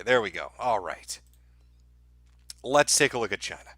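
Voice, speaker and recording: A middle-aged man hosting a live stream, talking crudely and mockingly to his chat with deadpan asides. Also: lowish voice, normal speed, no room sound. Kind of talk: sardonic live-stream commentary.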